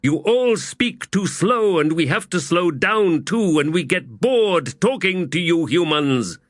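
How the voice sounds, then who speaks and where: A man voicing a loud, blunt giantess warrior. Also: on the high side, animated, slow pace, no echo, studio quality, pitched above the performer's own voice. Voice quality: loud, stentorian. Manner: blunt, clipped broken speech. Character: towering brash female giant warrior, blunt.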